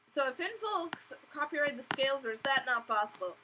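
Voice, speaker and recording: A woman's voice: sits high, animated, brisk, few pauses, background noise. A young woman hosting a casual live stream from her bedroom, chatty and giggly, talking through her webcam mic. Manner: chatty, giggly, acts out voices of others in quotes.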